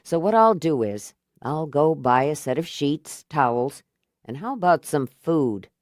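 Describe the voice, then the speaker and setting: A steady middle-aged man, put on by a woman in an audiobook, speaking low and calm with a dry, joking edge. His voice sits deep and even in a close, dry recording. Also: unhurried, no room sound. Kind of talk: audiobook character voice.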